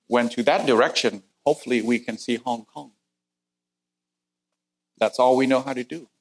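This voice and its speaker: A middle-aged man from Vietnam preaching a sermon and telling his own story earnestly, his voice climbing high at the tense moments. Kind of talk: sermon with personal testimony.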